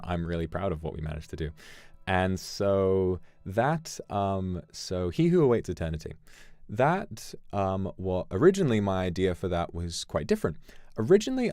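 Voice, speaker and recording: A man streamer chatting casually, telling an animated story with sudden jumps in pitch. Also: dry recording. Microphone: streaming microphone. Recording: dry close mic, faint music behind.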